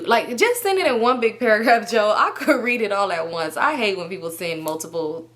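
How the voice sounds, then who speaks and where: A woman's voice: mid-range voice, lively intonation, normal speed, fairly bright tone. A woman in her twenties telling a storytime, casual and laughing, with plenty of swearing. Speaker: YouTuber. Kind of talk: storytime vlog.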